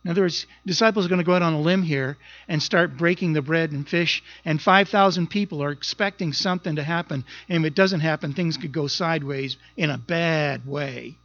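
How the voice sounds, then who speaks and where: A man's voice: on the high side, fairly quick, hardly any pauses, fairly bright tone, dry recording, highs cut off. A pastor preaching a sermon, earnest and emphatic, often repeating words as he goes.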